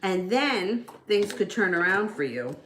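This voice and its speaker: A woman's voice: medium pitch, big pitch swings, a little slow, fairly bright tone. Woman, tarot reader, casual live reading, noisy background. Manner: chatty, talks baby talk to a child between readings. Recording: echoey room with background noise.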